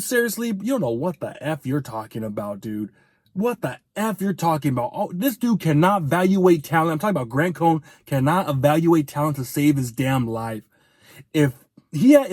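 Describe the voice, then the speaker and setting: A man giving a heated, profane fan rant as a sports commentator, venting in rapid bursts. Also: high-pitched, a little mellow, no room sound, clean studio sound.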